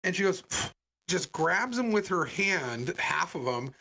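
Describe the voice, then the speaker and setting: A man's voice: measured pace, vocal fry, a little hiss or hum. A man co-hosting a podcast, telling a story in casual chat and acting out the people he quotes. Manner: animated, voices quoted people with big pitch jumps. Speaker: podcast co-host.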